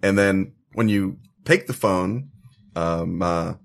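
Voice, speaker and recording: A man's voice: deep voice, slow, creaky. A man narrating as game master for a tabletop game, with many fillers. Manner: hesitant, lots of fillers.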